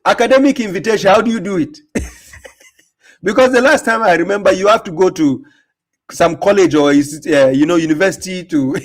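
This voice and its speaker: A man's voice: high-pitched, moderate pace, long pauses. A man hosting a reaction commentary, talking in a mocking, emphatic way, laughing often and repeating words. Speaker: host reacting to a video.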